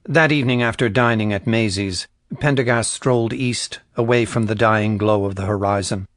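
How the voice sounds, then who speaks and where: A man narrating a crime thriller audiobook in a measured, even storytelling voice. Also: fairly low pitch, no room sound, clean studio sound. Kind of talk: scripted narration.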